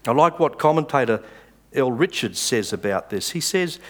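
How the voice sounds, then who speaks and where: A male pastor preaching a sermon, reading scripture with dramatic pauses and stressed words. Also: medium pitch, lively intonation.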